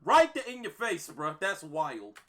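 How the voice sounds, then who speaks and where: A man in his twenties hosting a reaction video, excitable and quick to repeat himself. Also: a little high. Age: 20s. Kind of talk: casual reaction commentary.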